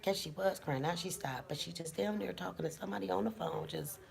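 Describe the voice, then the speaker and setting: A woman's voice: on the low side, fairly quick, vocal fry. A woman in her fifties chatting casually at home, blunt and profane as she rambles. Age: 50s. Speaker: vlogger. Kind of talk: casual chat. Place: at home indoors.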